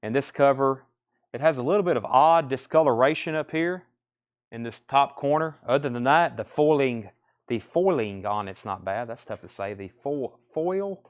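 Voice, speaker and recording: In a record store, a man with a Southern US accent runs a live-stream sale, reading out titles, grades and prices and thinking aloud as he goes. His voice sits in the mid range and moves at a normal speed.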